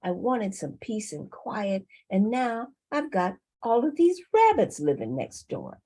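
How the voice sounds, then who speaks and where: A woman's voice: medium pitch, big pitch swings, unhurried, warm tone. A woman voicing a proud, hungry male leopard who grumbles in a storybook telling. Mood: grumbling.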